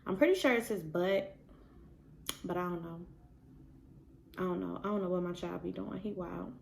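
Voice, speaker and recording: A young pregnant woman talks casually to her viewers. She has a gravelly, creaky edge in a mid-range voice, and she strings her stories together with constant "like"s. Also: medium pitch. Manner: chatty, storytelling with many "like" fillers and laughs. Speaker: vlogger. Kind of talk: casual chat.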